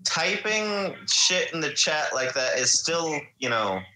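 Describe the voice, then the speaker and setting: A man's voice: a little high, very animated, slow pace, sharp tone. A man acting as game master in a tabletop game, explaining the rules firmly. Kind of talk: tabletop game chat on a live stream. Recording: echoey room.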